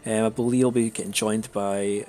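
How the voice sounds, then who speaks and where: A man chatting casually on a live stream, his throat a little raspy and his nose congested, rambling with many fillers and restarts. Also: lowish voice, fairly even intonation, normal speed, mellow.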